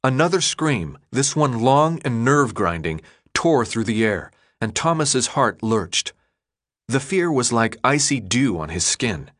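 A male audiobook narrator reading a novel. His delivery is expressive, with pitch moving lively through each sentence. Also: measured pace, no room sound, studio quality. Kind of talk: scripted narration.

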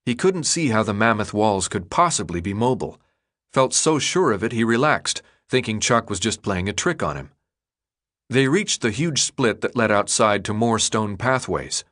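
A man narrating an audiobook in an expressive, dramatic storytelling manner. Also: on the low side, moderate pace. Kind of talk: scripted narration.

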